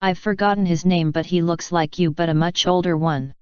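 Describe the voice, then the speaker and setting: A woman's voice: lowish voice, steady tone, brisk, clean tone, no echo, close to an everyday voice. A woman voicing a frightened young woman on the run in an audiobook, nervous and plain, on a dull lo-fi recording.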